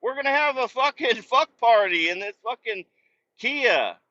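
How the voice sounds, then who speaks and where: A man putting on a crude, yelling homeless man in a retold story, with dull, lo-fi sound. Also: very high voice, lively intonation, normal speed, no room sound, pitched above the performer's own voice, full character voice. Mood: rowdy. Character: rowdy shouting adult homeless man.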